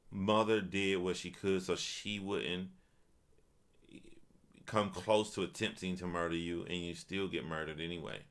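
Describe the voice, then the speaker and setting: A man's voice: deep voice, a bit bright. A man streaming casual commentary, reading a news article aloud and stopping to react with stunned remarks and repeated phrases. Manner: repeats himself and restarts phrases.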